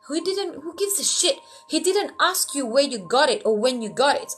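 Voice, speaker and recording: Brief: higher-pitched woman emcee, blunt and lively motivational talk, soft music under. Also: fairly quick, hardly any pauses. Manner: animated, acts out quoted voices; frank, blunt, lightly profane. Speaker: emcee giving life tips.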